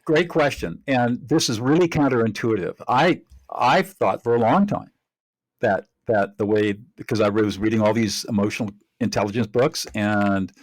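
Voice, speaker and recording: A man as a podcast guest, a mediator and trainer, explaining his method in an earnest, lively way. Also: lowish voice, moderate pace, no room sound. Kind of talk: podcast interview.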